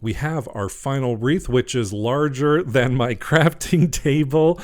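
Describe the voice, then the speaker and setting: A man's voice: mid-range voice, unhurried, a little mellow. A man narrating his own wreath-making craft video in a casual, chatty way, laughing at his own slip-ups. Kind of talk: casual craft tutorial voice-over.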